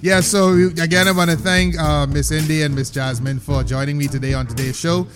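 A man's voice: fairly high pitch, fairly even intonation, fairly quick, over music. A man hosting a casual podcast, stammering and repeating words as he goes. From Bahamas. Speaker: podcast host.

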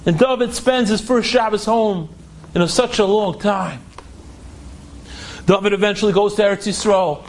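A male storyteller with a strikingly high voice tells an inspirational story. He is emotive and acts out each character's lines, repeating phrases for emphasis. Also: moderate pace, long pauses, slight background noise.

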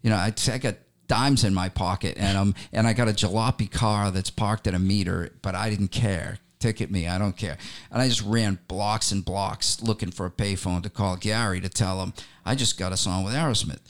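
A man recounts his band's early days in a lively, rambling way, full of fillers and fresh starts. His voice is smooth and resonant and sits fairly low. He sounds like an interview guest caught up in his own story. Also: moderate pace. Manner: animated, with many restarts and fillers.

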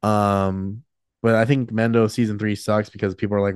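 At normal speed and in a level tone, this fairly low-pitched man speaks with a clean voice, recorded at studio quality with no room sound. A podcast host in his late twenties, he's emotional and choked up, rambling casually and candidly with many fillers and restarts.

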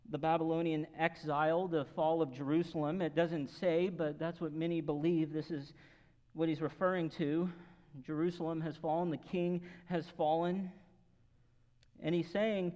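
A male pastor giving an earnest, emphatic sermon, swinging between raised and quiet passages. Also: fairly high pitch, normal speed. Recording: long hall reverb, dull lo-fi sound.

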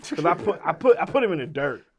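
Man telling a profane, animated story. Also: on the high side, fast. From Richmond, Virginia. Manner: profane, acts out both sides of dialogue. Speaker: rapper, interview guest.

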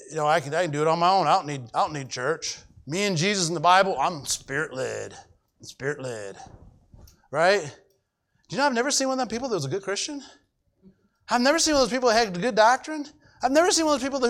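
A middle-aged male pastor preaching a sermon emphatically, repeating his points and checking that the congregation follows. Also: high voice. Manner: emphatic, repetitive, asks the congregation if they follow.

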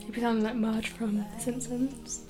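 Brief: high-voiced young woman, late teens, relaxed podcast co-host with dry humor, music underneath. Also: moderate pace. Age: young adult, around 19. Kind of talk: casual chat.

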